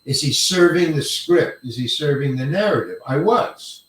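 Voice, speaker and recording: Older actor telling stories, echoey distant mic. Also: male voice, on the high side, normal speed. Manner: animated, acts out quoted lines, swears casually. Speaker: actor guest. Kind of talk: storytelling interview. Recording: echoey room, mic far off.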